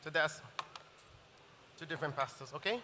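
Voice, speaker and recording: A man's voice: fairly high pitch, slight background noise. Male chef, easygoing stop-start demo patter, echoing hall. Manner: relaxed, halting, explains as he cooks. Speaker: chef teaching a masterclass. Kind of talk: live cooking demonstration. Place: event hall with audience. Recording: long reverb of a large hall.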